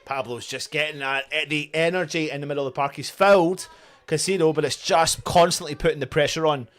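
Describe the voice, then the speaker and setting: A high-voiced man with a bright, ringing tone hosts a live fan watchalong. He comments on the play excitedly and cheers on his side. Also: fairly quick. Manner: shouting, chanting, celebrating goals.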